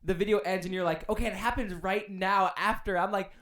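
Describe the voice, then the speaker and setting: A woman's voice: mid-range voice, fairly even intonation, fairly quick. A young woman co-hosting a podcast, reacting with laughter and casual swearing. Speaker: podcast co-host. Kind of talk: casual chat.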